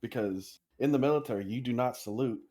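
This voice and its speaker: A man's voice: medium pitch, fairly quick, mellow. A man hosting a casual interview, easygoing and agreeable as he asks questions. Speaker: host.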